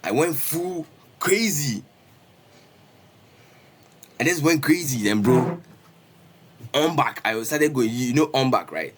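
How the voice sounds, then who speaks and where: Animated young man telling a story. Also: medium pitch, normal speed, background noise. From Ghana. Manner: animated, repetitive, peppers talk with "bro" and "Charlie". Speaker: streamer. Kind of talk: casual storytime livestream.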